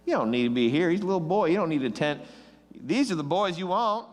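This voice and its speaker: A man's voice: fairly high pitch, animated, quick pace, pitched above the performer's own voice, lightly acted. A man putting on a proud country father who waves off his youngest boy, drawling and dismissive. The voice sits a little above the speaker's own and rings with the long reverb of a big hall. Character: boastful country dad showing off his big sons.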